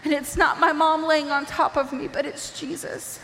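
A woman giving an emotional personal testimony, impassioned and pleading, rising at times to near shouts. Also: high voice, fairly even intonation, moderate pace, vocal fry, few pauses, big-room sound, a little hiss or hum.

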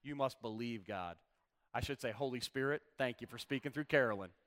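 A man preaching to his congregation, reading scripture and then hammering home its point with repetition. His voice is bright and ringing, crisp and resonant. He sits at an ordinary, middle pitch. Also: a little fast. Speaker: pastor. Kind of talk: sermon.

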